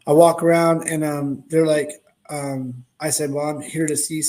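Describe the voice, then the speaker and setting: A middle-aged man telling a casual story in an animated way, acting out the voices of the people in it. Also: on the high side, measured pace. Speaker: host, product owner.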